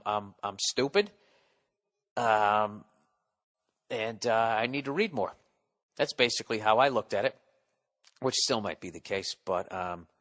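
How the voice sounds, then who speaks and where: A man's voice: on the low side, a bit bright, big-room sound. A man in his forties hosting a podcast, rambling through a profane, self-mocking comic monologue at a studio mic, mimicking people in exaggerated voices. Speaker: podcast host. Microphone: studio podcast mic with windscreen.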